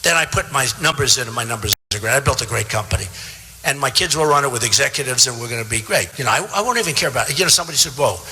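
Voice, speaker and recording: With a mid-range voice and a sharp tone, a candidate in his seventies talks very fast and animatedly at a rally in a large theater, slight background noise behind him. The speech is boastful and rambling, repetitive, with conversational asides to the crowd, and the theater PA gives it a long hall reverb.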